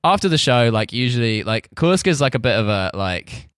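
A man's voice: mid-range voice, very animated, normal speed, fairly bright tone, clear, resonant tone, no echo. English man, comedian guest, rambling anecdotes, swears a lot, dry close sound. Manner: rambling, swears freely, acts out quotes. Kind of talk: casual podcast chat.

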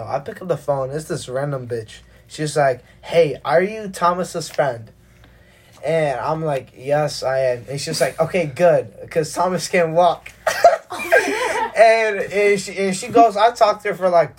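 A young adult podcast host telling a profane, animated anecdote in casual chat with friends. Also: mid-range voice.

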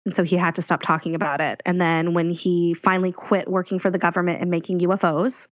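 A woman's voice: fairly low pitch, level tone, fast, no echo, lo-fi sound. A woman co-hosting a podcast, talking casually and teasing her partner in a playful way. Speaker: podcast co-host.

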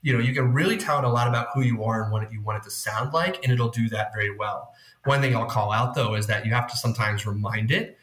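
A man's voice: mid-range voice, quick pace, fairly bright tone, echoey room. A man speaking as the guest expert in a podcast interview, explaining things patiently with homely analogies. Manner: explanatory, leans on food analogies. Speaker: guest expert on workplace tech.

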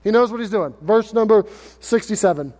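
Pastor guy preaching, pretty high voice, lots of hall echo, acts out the lines. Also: a little fast. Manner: expressive preaching, acts out quoted lines in lively paraphrase. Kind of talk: sermon. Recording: long hall reverb.

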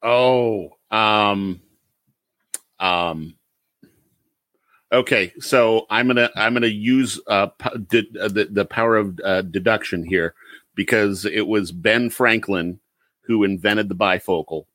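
A man playing as a contestant in a casual podcast quiz game, hesitant and excitable, full of fillers. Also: on the low side, slow, no echo.

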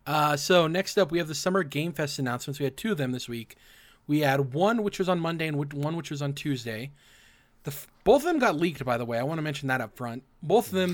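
A man hosting a casual gaming podcast, his throat rough and raspy from acid reflux, leading segments and asking his co-hosts questions. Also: fairly high pitch. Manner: runs the segments, asks the panel questions. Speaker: podcast host.

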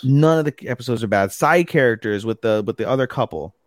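A man co-hosting a podcast in casual chat, excitable, swearing freely and filling with ums. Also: mid-range voice, fairly quick, no room sound, clean studio sound. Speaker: podcast co-host.

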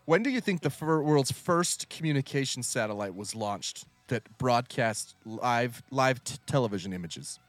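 A man hosting a podcast in casual chat, lively and laughing as he reads out trivia. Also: mid-range voice, moderate pace, hardly any pauses, no room sound, faint music behind. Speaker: podcast host.

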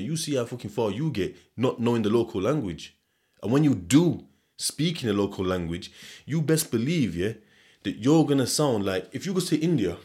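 A man's voice: mid-range voice, darkish tone. Rambling Sheffield man, casual and sweary. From Sheffield, England. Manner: meandering, swears freely, chuckles often. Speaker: podcast host.

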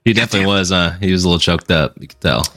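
Man, co-host, low pitch, forceful bright tone, emphatic hype. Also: racing, soft background music. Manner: enthusiastic, hyping, emphatic. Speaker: podcast co-host. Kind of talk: casual chat.

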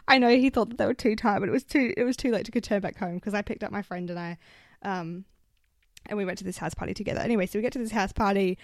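A woman's voice: medium pitch, fast, pauses often, no echo, studio quality. A woman, telling stories in a casual, chatty way, swearing often and filling with "like", into a handheld mic. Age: 20s. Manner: chatty, swears a lot, lots of fillers. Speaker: vlogger. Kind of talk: casual storytelling. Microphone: handheld microphone.

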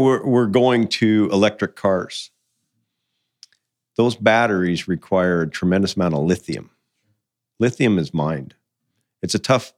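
A man from the mining industry who talks casually and tells folksy stories, quoting other people as he goes. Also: deep voice. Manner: folksy storyteller, quotes people in conversation. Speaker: mining guest. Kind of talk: casual podcast conversation.

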